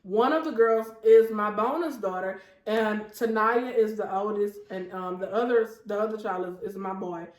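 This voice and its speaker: A woman's voice: medium pitch, moderate pace, few pauses, roomy sound, low-quality recording. A woman, hosting a casual faith talk show and speaking heartfelt and chatty to her viewers. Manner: chatty and heartfelt, often addressing viewers as y'all. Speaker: host.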